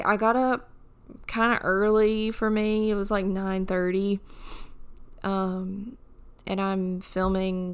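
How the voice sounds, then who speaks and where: A young woman in her twenties hosts a solo podcast with an unhurried, drawn-out delivery. Her tone is smooth and clear even while her voice sounds a bit groggy. She chats loosely, teasing herself and drifting from one tangent to the next. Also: mid-range voice. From United States. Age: 20s. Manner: chatty, jokey, wandering tangents. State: groggy morning voice. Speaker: podcast host. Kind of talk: casual solo podcast chat.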